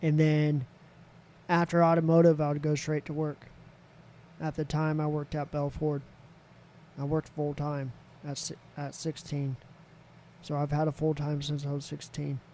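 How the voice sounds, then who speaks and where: Candid man telling a story, mellow tone. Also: on the high side, completely flat delivery, measured pace, slight background noise. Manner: candid, swears freely, voices others in quotes. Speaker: podcast guest. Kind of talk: casual storytelling.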